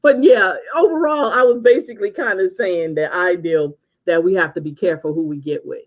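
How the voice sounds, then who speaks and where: A woman in her sixties chatting and laughing on a casual livestream, telling stories with drawn-out exclamations. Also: lowish voice, highs cut off. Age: 60s. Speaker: livestream host.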